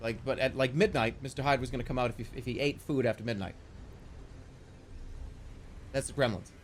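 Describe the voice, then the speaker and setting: A man in his forties, a live streamer, chatting casually to his audience and arguing a point in a rambling, animated way with lots of fillers and some swearing. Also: mid-range voice, a little fast, a little hiss or hum. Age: 40s.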